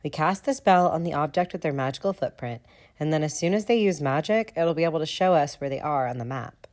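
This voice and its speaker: A man's voice: a little high, animated, brisk, darkish tone, pitched above the performer's own voice, lightly acted. A man voicing a teenage witch girl who explains a plan lightly. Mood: explaining.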